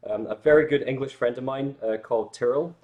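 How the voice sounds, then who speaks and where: A Scottish man talks fast in a loose, rambling way, full of filler words and quick jokey asides. His pitch sits in the middle, and he speaks as a relaxed guest on a casual livestream. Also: muffled recording. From Scotland. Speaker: guest musician.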